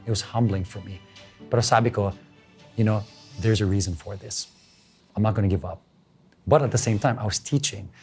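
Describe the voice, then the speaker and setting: A man's voice: lowish voice, brisk, long pauses, soft background music. A middle-aged man from the Philippines, a guest in an interview, telling his story in English with Tagalog phrases mixed in and acting out what other people said. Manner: animated, acts out other people's lines.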